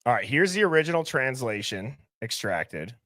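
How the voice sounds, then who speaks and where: A man's voice: medium pitch, sing-song, normal speed, pushed and bright, dry recording. Laid-back man thinking aloud, dry sound. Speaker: stream co-host. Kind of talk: casual true-crime stream chat.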